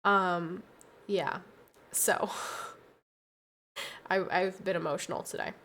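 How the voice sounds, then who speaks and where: A young woman streaming a casual chat, tired and tearful, talking softly with many pauses and restarts. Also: fairly low pitch, fairly even intonation. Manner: soft, halting, full of fillers and restarts.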